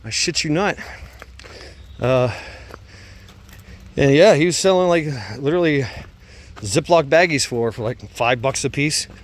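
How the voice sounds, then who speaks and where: A man's voice: fairly high pitch, a little slow, long pauses. A man telling a casual story, rambling and swearing, with lots of fillers, restarts and frequent laughs. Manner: laughs often while telling.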